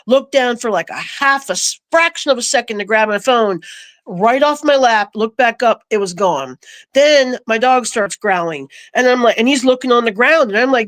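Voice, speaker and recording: A woman recounting a personal story in a casual, animated way, acting out the voices she quotes. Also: a little high, moderate pace, no room sound. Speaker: guest.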